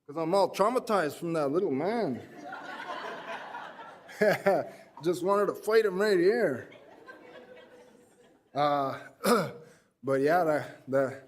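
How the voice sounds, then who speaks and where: A man's voice: fairly high pitch, lively intonation, slow, long pauses. A man presenting at an education forum, telling rambling, self-deprecating anecdotes with many restarts. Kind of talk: anecdotal storytelling talk.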